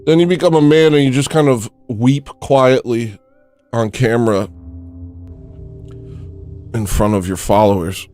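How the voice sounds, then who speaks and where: A man hosting a comedic livestream, chatting in a rambling deadpan way and thanking viewers for tips. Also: medium pitch, a little slow, pauses often, faint music behind. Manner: deadpan, drifts into loud baby-cry impressions. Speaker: livestream host.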